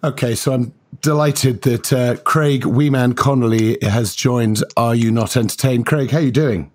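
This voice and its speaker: A man's voice: mid-range voice, a little slow, a little mellow. Hesitant, rambling male podcast co-host. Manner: rambling, hesitant with frequent ums and restarts. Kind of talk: casual podcast chat.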